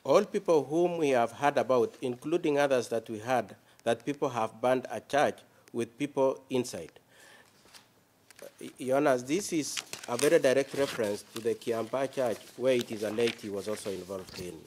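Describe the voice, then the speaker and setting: A man speaking as defence counsel in a courtroom, addressing the judges formally and reading quoted passages aloud in a measured way. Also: medium pitch, a little mellow.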